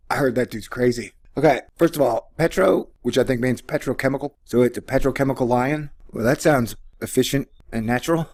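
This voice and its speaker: A man hosting a casual commentary video, joking sarcastically with sudden animated outbursts. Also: mid-range voice.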